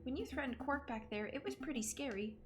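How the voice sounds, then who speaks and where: A woman's voice: sits high, expressive, fairly quick. A woman reading the lines of a nervous, rambling male sidekick bird from a game on a livestream. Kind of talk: game dialogue read on stream.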